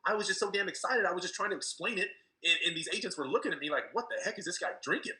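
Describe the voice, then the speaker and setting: A man with a bright, slightly high voice rushes through his story, tripping over fillers and restarts. He sounds excited and crisp-edged, talking fast. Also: rough recording. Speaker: interviewee, team leader. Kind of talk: casual storytelling.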